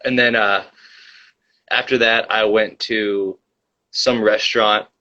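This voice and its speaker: A man's voice: fairly low pitch, steady tone, slow, bright, forceful tone, dull audio. A young man hosting a casual livestream, telling a rambling story full of fillers and reading the chat.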